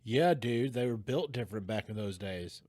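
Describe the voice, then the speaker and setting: A man with a mid-range voice jokes along in a casual podcast chat. He reacts quickly and throws in wisecracks. His voice sits dry and close to the mic. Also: mid-range voice, animated, darkish tone, dry recording. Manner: joking back-and-forth reactions. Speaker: podcast co-host.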